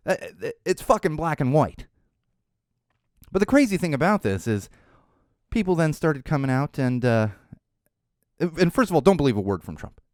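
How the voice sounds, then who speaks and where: A man hosting a podcast, giving opinionated political commentary in an animated, ranting way and swearing freely. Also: a little high, moderate pace, pauses often, dry recording, clean studio sound. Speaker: podcast host.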